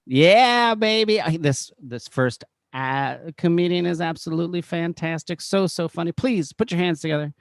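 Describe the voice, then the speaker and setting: A woman's voice: on the low side, moderate pace, hardly any pauses, no echo, studio quality. A woman co-hosting a comedy show, bantering casually and introducing a comedian. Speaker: show co-host.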